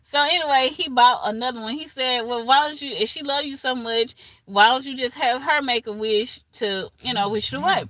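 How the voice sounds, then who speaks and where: Bright-voiced woman retelling a story. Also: high-pitched, normal speed, no echo. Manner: animated retelling with laughs and asides. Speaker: livestream host. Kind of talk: casual storytelling recap.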